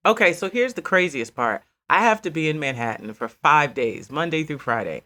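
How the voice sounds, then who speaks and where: A woman co-hosting a podcast, relaxed and playful in casual chat, quick to laugh. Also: sits low. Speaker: podcast co-host.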